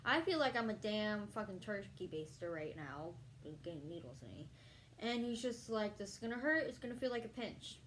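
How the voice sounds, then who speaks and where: A woman's voice: mid-range voice, lively intonation, moderate pace, a bit bright, slight background noise. A young woman telling a story in a casual vlog, rambling with fillers, laughing and swearing freely. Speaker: vlogger.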